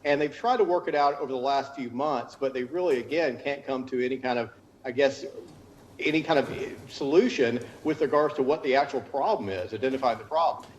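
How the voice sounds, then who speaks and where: A man's voice: medium pitch, a little fast, slight background noise, low-quality recording. A man from the United States, a consultant giving a news interview, explaining at length with restarts and careful hedging. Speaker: interview guest, cell tower consultant.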